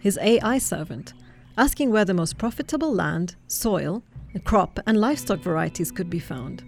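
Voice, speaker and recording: A woman narrating a storybook tale in a steady, lightly wry way. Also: medium pitch.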